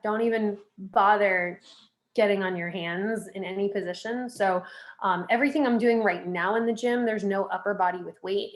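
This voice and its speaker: A young woman chatting as a podcast guest in a loose, conversational way. Her voice sits at a middling pitch for a woman, and she leans on fillers while handing out frank tips. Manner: chatty, filler-heavy, advice-giving. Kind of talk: casual interview chat.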